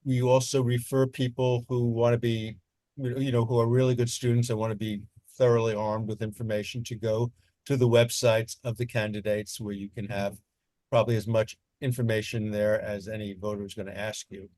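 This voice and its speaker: A man's voice: lowish voice, little pitch movement, normal speed, warm tone, no echo. A man moderating a volunteer panel, talking casually with many fillers and restarts. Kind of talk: casual online panel talk.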